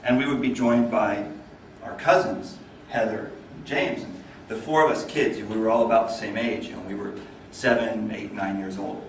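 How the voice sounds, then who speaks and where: A man's voice: moderate pace, hardly any pauses, a little hiss or hum. Man telling a story in an echoey hall. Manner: animated, builds up energy then drops low. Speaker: club speaker. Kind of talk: storytelling speech. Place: meeting hall. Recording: echoey hall, mic far off.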